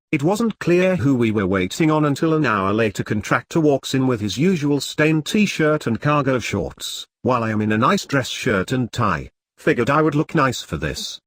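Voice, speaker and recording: A man's voice: mid-range voice, fairly bright tone, dry recording. Man narrating a story, dry close sound. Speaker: narrator of online stories. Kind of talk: scripted first-person story narration.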